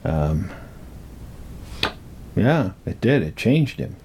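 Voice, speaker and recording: An older man telling a rambling personal story from his youth, halting and full of pauses and restarts. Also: low-pitched, big pitch swings, darkish tone, slightly rough.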